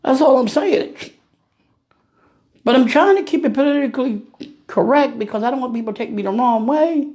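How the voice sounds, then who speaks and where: Animated man ranting to camera. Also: high-pitched, vocal fry. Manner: animated, ranting, full of rhetorical questions; laughs at his own jokes. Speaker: vlogger. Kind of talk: casual political rant.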